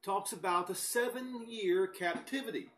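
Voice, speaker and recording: A man giving a recorded Bible teaching, speaking deliberately and with emphasis, and reading scripture aloud. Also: high voice, fairly bright tone, low-quality recording. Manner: slow, deliberate and emphatic, pausing between phrases.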